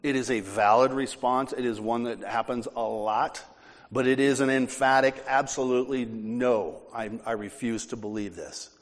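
A man preaching a sermon as pastor, emphatic and forceful, with casual asides. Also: medium pitch, steady tone, moderate pace. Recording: long hall reverb.

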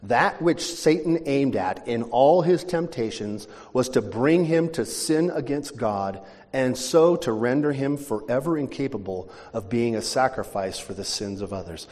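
A male pastor preaching a sermon, telling stories with animated restarts, in a church hall. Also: medium pitch, measured pace. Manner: animated storytelling with repeated restarts. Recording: long church hall reverb.

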